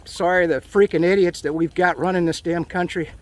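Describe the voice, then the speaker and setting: A man's voice: sits high, fairly even intonation, brisk. Rambling middle-aged man ranting outdoors. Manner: emotional, ranting, with frequent fillers. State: hot and sweaty from walking. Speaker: vlogger. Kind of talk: casual walking vlog. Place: outdoors in a park, walking.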